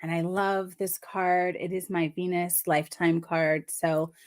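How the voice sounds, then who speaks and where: Soft-spoken woman giving an affirming reading. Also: fairly low pitch, flat delivery, a little slow. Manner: soft, affirming, reflective, with frequent "right?" check-ins. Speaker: numerology reader and coach. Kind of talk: live-stream card reading.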